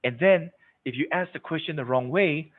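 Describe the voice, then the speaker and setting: Through narrow, phone-like webinar audio, a man with a fairly high voice speaks at normal speed while leading live sales training. He's emphatic and repetitive, regularly checking in with "okay?" and "right?".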